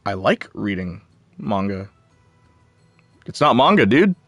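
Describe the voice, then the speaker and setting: Young man, streamer, chatty, animated pitch, faint music behind, reading chat aloud. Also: slow pace, no echo. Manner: chatty, jumpy, talks back to chat. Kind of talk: casual live stream chat, reading viewer comments.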